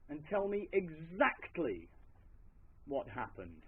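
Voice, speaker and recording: A man's voice: on the high side, huge pitch swings, slow, slightly rough, full character voice. A man voicing a stern older male farm master in a told folk tale, probing and questioning. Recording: tinny lo-fi live recording.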